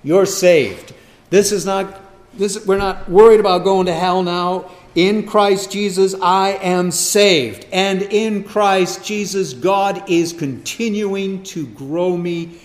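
A man preaching a sermon, firing rhetorical questions and swinging from loud emphasis to quiet asides. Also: high-pitched, fairly even intonation, slow pace.

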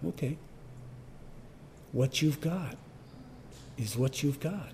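Older guy pastor, storytelling sermon, relaxed dark tone, a little room noise. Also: fairly high pitch, takes it slowly. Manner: storytelling, conversational, acts out voices.

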